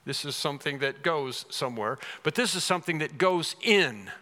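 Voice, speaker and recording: Emphatic pastor preaching in a reverberant hall. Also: male voice, on the high side, lively intonation, moderate pace, pushed and bright. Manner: emphatic, repeats key words. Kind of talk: sermon. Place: church sanctuary.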